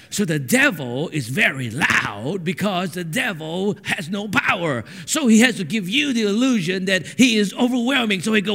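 A man preaching a sermon, telling stories with animated swings from hushed to shouting. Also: high voice, moderate pace, hardly any pauses. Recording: echoey hall with long reverb.

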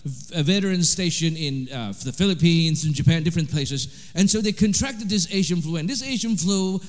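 A man with a high voice preaches a sermon with lively swings between loud emphatic lines and quiet asides. His voice carries with a long reverb, as in a large hall. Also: brisk. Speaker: pastor.

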